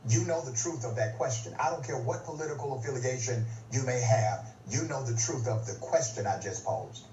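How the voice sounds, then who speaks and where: A man's voice: mid-range voice, brisk, a little mellow, lo-fi sound, a little hiss or hum. Emphatic man on a distant, roomy clip. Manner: emphatic, posing pointed questions. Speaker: commentator. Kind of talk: scripted commentary.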